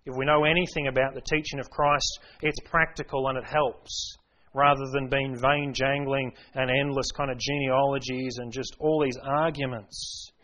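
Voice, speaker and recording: A man's voice: mid-range voice, level tone, moderate pace, fairly bright tone. Earnest preacher man, lo-fi sermon. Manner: earnest, emphatic, explaining scripture verse by verse. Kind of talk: expository sermon. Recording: dull lo-fi recording.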